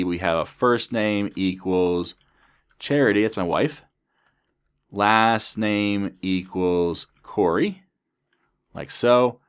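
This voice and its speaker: A man whose voice sits on the low side, with a clean tone, leads a coding tutorial. He is a programming instructor who talks through his code methodically as he types it.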